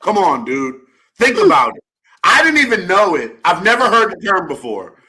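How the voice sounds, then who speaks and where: Animated, lively teasing male co-host. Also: sits high, normal speed. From United States. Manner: animated, teasing, exaggerated outbursts. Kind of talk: casual sports radio banter.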